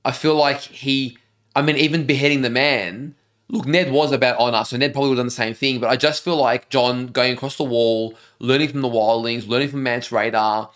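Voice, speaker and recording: An Australian man co-hosting a show reviewing a TV episode, talking in an animated, enthusiastic way. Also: medium pitch, brisk. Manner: animated, enthusiastic, says "dude" often. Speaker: reaction channel co-host. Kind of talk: casual chat.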